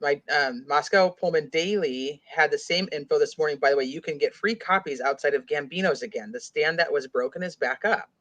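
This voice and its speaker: A woman whose voice sits low and a bit bright talks fairly quickly with few pauses, hosting a relaxed true-crime discussion. She reads comments aloud and rambles on with lots of "like," recorded in dull lo-fi audio.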